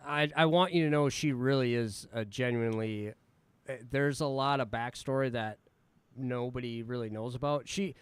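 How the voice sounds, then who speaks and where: A man chatting as a podcast guest in an easygoing, halting way. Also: medium pitch, smooth, dry recording. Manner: easygoing, hesitant, restarts often. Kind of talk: casual podcast chat.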